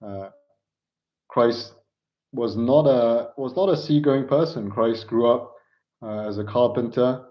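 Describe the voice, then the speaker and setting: A male preacher delivers a sermon in an earnest, halting manner, repeatedly posing pleading rhetorical questions. His voice is mid-pitched, and the recording is dull, muffled, and lo-fi.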